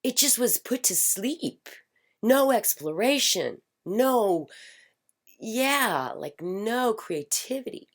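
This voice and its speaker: A middle-aged woman speaking in a passionate personal monologue, emphatic and repetitive, swinging from loud declarations to hushed whispers. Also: a little high, animated, takes it slowly. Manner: fervent, repetitive chanting phrases. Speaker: spiritual commentator.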